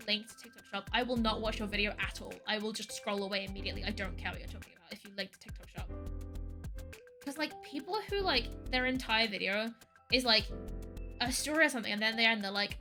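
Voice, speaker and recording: Over background music, a woman with a mid-range voice talks a little fast while streaming from home. Her casual chat is rambling and ranty, packed with "like."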